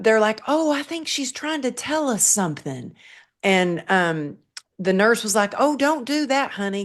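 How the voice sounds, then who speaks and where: A middle-aged woman, a guest on an interview show, telling a personal story in an earnest, vivid way. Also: lowish voice.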